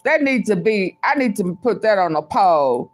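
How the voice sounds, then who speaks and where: A woman livestream vlogger chats casually with her live viewers, repeating herself as she talks to them. Her voice is medium-pitched and animated, and she speaks at a moderate pace.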